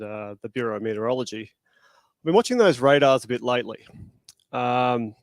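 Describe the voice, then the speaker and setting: A man's voice: medium pitch, dry recording. Brief: man, audience member, hesitant questioner, dry close sound. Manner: hesitant, many ums, quick asides. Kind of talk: question from the floor.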